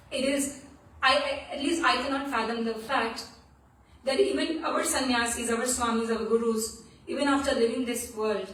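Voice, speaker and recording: A woman's voice: on the high side, fairly bright tone, slight background noise. A woman giving a devotional scripture class at a temple, telling stories earnestly with frequent restarts. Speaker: temple speaker. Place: temple hall. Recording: echoey room from far off.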